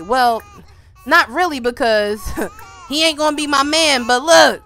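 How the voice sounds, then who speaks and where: A woman giving casual, joking gameplay commentary, animated and laughing often. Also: high-pitched, unhurried. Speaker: gaming YouTuber.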